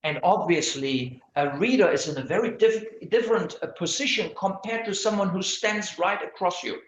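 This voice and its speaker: Speaking at a normal speed in a mid-range voice, the academic writing lecturer keeps pausing to restart words and repeating herself while quizzing her online audience. The recording is echoey and dull, lo-fi, with slight hiss or hum.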